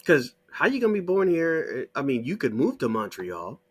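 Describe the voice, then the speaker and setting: A middle-aged man with a husky, slightly high voice delivers a profane, mocking rant. His pitch swings widely as he jeers and goads. Soft music plays faintly behind him. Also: wildly swooping pitch, normal speed. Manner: heated, mocking, swears constantly. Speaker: channel host. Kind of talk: profane ranting monologue.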